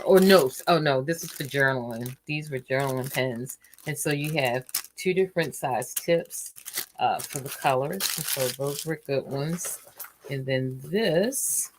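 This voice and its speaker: A woman hosting a relaxed livestream at home, chatting casually with lots of fillers, tired and yawning. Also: sits low, a little hiss or hum. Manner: rambling and chatty, trails off with fillers. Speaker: host of a relaxing stream.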